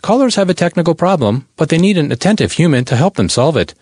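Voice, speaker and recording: A man reading a first-person story aloud for a radio-style podcast, in an expressive manner. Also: fairly high pitch, quick pace, slightly rough, dry recording, clean studio sound. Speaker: narrator reading a member's story. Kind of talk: read-aloud narration.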